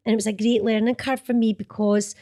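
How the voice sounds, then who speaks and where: A woman's voice: a little high, fairly quick. Chatty Scottish woman telling stories. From Scotland. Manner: chatty, animated, acts out quotes. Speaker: actor, interview guest. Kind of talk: casual storytelling interview.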